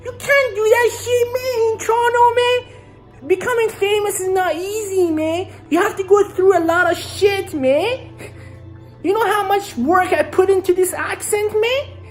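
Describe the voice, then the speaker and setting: A woman's voice: extremely high pitch, measured pace, faint music behind, voice pushed up. A woman putting on a boastful gangster persona, swaggering and ending every phrase with "man". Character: boastful big-talking gangster persona, adult.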